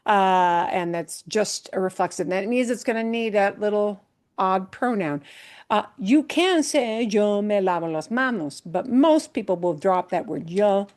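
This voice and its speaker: A woman's voice: medium pitch, a little slow, a little mellow. A woman Spanish teacher explaining grammar to her class patiently, step by step, with everyday examples.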